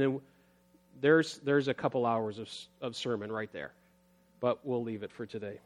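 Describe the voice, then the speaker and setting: A man preaching a sermon as a pastor, earnest, building emphasis and then dropping low, with scripture read aloud. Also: normal speed, a bit bright.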